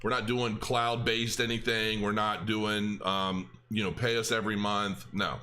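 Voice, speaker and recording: Chatty bright-voiced male crypto host. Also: fairly low pitch, level tone, measured pace, slight background noise. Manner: rambling, chatty, with restarts and filler words. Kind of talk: casual chat to camera.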